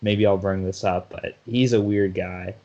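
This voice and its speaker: Low-voiced man in casual sports chat. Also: fairly even intonation, a little slow, warm tone, lo-fi sound. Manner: chatty, laughs often, restarts mid-sentence. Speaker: podcast co-host.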